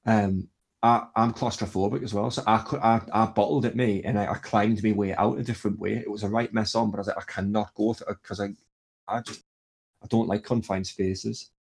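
A man's voice: fairly low pitch, steady tone, brisk, gravelly, breathy edge. A young man, telling a rambling story in casual chat and swearing freely.

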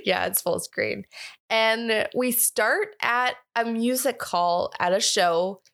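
A woman's voice: a little high, takes it slowly, creaky, a bit bright. A young woman co-hosting a podcast, chatting casually about an old film and acting out her own reactions. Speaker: podcast co-host.

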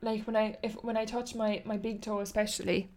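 A woman's voice: medium pitch, little pitch movement, brisk, a little mellow. A young Irish woman in her twenties talking in a loose, casual chat. She rambles and fills her sentences with "like", breaking into short laughs as she goes. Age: 20s. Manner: chatty and rambling, peppered with "like", laughs often.

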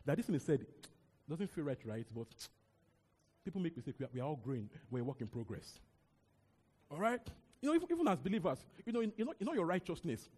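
A young man with a Nigerian accent preaching a sermon, talking in an animated, conversational way with repeated words and asides. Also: fairly high pitch, fast, slightly rough. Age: young adult. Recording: long hall reverb.

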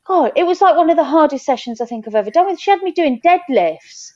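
A woman's voice: high-pitched, expressive, fast, darkish tone, lo-fi sound. A woman in her thirties, chatting openly as a podcast guest and telling stories with laughter. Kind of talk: casual chat.

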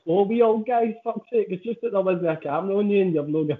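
A man's voice: sits high, fast. Sweary man on a tinny line. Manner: sweary, teasing, laughing banter. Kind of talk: casual chat.

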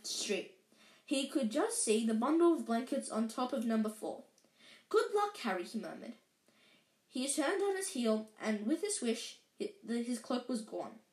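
A woman reading a storybook aloud in an unpolished way, often stumbling and correcting herself. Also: on the high side. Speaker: reader. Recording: echoey room.

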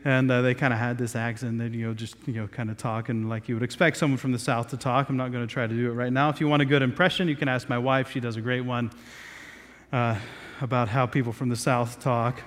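A man's voice: mid-range voice, flat delivery, fast, fairly bright tone, in a large hall. A man from Southeast Ohio preaching a sermon in a conversational way, with many fillers and restarts, gathered outdoors in a square.

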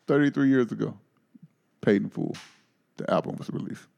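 A man's voice: lowish voice, normal speed, creaky, a little mellow, dull audio. A man chatting casually as a podcast co-host, playful and teasing, using street slang. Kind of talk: casual chat.

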